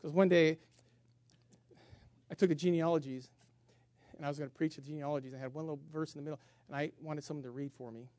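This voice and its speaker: A man preaching as a pastor, animated and humorous, jumping between loud emphasis and quiet asides. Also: a little high, fast, pauses often, no echo. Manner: humorous storytelling with self-mockery. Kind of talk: sermon.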